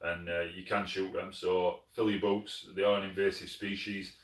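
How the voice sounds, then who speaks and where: A friendly South Yorkshire man with a deep, low voice chats through viewer comments on a live stream. He is plain-spoken and keeps calling people mate. He sits some way from the mic in an echoey room. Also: level tone, moderate pace, distant mic. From Sheffield, South Yorkshire, England. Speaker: hunting channel host.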